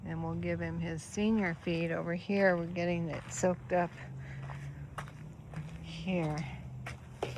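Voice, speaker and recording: A woman filming a casual farm vlog outdoors, gently cooing praise at her horses as she feeds them. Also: lowish voice, fairly even intonation, takes it slowly, long pauses. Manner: soft, cooing talk to the horses. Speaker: farm vlogger. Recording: windy outdoor noise.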